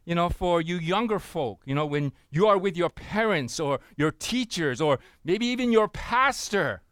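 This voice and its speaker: A man's voice: high-pitched, lively intonation, normal speed, a bit bright, smooth, no room sound, studio quality. A man preaching a sermon, telling a story and often asking his listeners "right?" and "amen?". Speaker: pastor.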